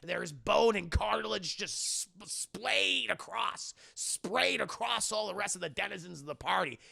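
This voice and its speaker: A man recapping a film scene by scene for a live stream, animated and profane, acting out the characters. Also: sits high, measured pace, gravelly.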